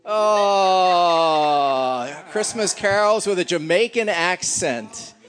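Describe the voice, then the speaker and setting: A man's voice: sits high, lively intonation, moderate pace. A middle-aged man leading a church gathering, joking and teasing his congregation in a casual, chatty way.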